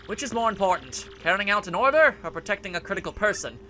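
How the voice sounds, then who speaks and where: A man voices an earnest, polite computer from a video game, speaking in a formal, stilted way. His voice is bright, with lively swings in pitch. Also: fast, slight background noise, exaggerated voice. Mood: troubled. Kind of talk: let's play voice acting.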